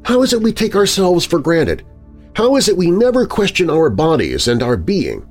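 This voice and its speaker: A man's voice: high voice, huge pitch swings, normal speed, a little mellow, voice pushed up, heavily acted. A man voicing a panicked middle-aged man horrified by his own skeleton, his words rising into frantic outbursts, with faint music underneath.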